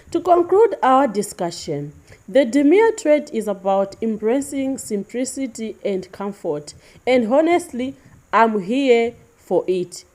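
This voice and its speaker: A woman's voice: a little high, warm tone. A woman hosting her channel, reading scripted commentary to camera in an upbeat way. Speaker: channel host.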